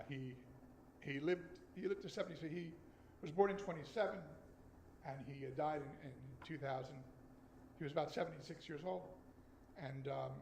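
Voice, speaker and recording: An American man in his sixties speaks in a slightly raised voice, easy and conversational as he tells his story. When he reads, he slows to a careful pace. The sound rings through a roomy sanctuary over a faint background hum. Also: fairly high pitch, a little mellow. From United States. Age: 60s. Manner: conversational, with slow deliberate reading. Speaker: speaker at a Friday night service. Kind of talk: personal story and poetry reading. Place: synagogue sanctuary. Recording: echoey room with faint ambience.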